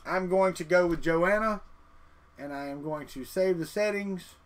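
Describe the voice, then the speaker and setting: Chatty man live-streaming, slightly high voice. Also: unhurried. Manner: chatty, muttering to himself while clicking through settings. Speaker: livestream host. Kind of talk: casual live-stream chat.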